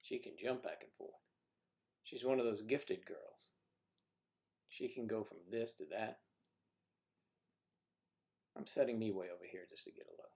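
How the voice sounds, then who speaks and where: A man's voice: on the low side, measured pace, vocal fry, pauses often, darkish tone. A man hosting a casual livestream chat with guests, rambling and teasing with jokes, talking into a computer mic. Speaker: livestream host.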